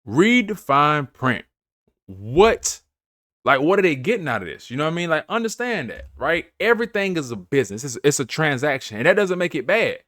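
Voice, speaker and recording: A man's voice: fairly high pitch, very animated, normal speed, fairly bright tone, dry recording, clean studio sound. A man hosting a finance channel, giving casual, emphatic advice to camera in a slangy way, often checking in with "you feel me". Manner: slangy, repeats phrases, asks "you feel me"; emphatic, preachy.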